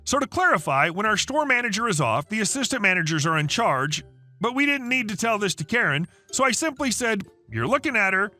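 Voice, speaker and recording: A man narrating online stories aloud, in a lively storytelling way. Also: high voice, fairly quick. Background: faint background music.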